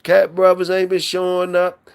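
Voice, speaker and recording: A man's voice: sits high, completely flat delivery, normal speed, gravelly, clear, resonant tone. A man hosting a live stream in loose, profane, repetitive banter with his chat, talking on a mic from his workplace.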